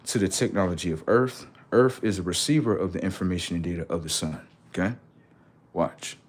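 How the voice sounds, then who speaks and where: A livestream host with a low, darkish voice preaches in a confrontational manner, leaning on rhetorical questions and street slang.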